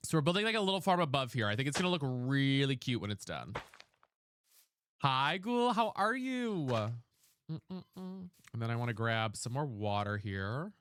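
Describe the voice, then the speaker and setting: A sassy man chats through a live game stream, his voice leaping all over the place as he reacts and greets viewers. He reads chat aloud with playful attitude. The audio carries a clear layer of background noise. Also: medium pitch, big pitch swings, normal speed, a bit bright. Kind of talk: casual live gameplay chat.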